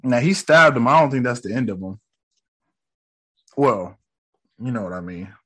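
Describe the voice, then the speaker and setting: A man giving casual reaction commentary on a show, excitable and profane, full of slang, sometimes acting out lines. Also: medium pitch, normal speed, slightly rough. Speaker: reaction video host.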